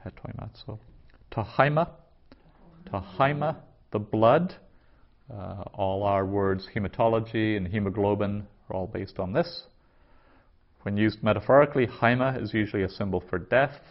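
A man with a fairly low voice teaches a vocabulary lesson, saying each term slowly and twice before he explains it. The recording is dull and lo-fi. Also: steady tone. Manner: slow, careful pronunciation with repetition. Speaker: Greek teacher.

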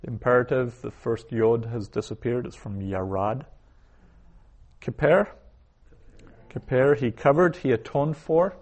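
A Hebrew teacher with a medium-pitched, darkish voice leads a recorded language lesson. He goes slowly, saying each word twice and then explaining what it means.

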